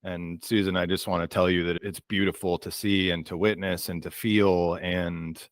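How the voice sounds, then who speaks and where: A man hosting a group video call, talking slowly and gently, affirming the participants. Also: low-pitched, little pitch movement, no room sound. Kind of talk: warm reflective group facilitation.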